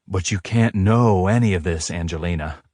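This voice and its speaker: A man voicing a gentle, remorseful male werewolf who speaks softly and soothingly. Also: deep voice, moderate pace, no echo, studio quality. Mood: heavy. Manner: soft, soothing, apologetic.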